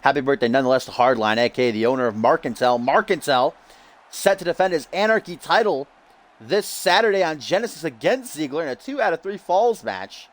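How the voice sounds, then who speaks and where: A man's voice: on the high side, lively intonation, a little fast. Upbeat casual male wrestling commentator. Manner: upbeat hype, loose and casual with frequent "uh". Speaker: streamer and show commentator. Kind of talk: wrestling-show commentary on a game stream.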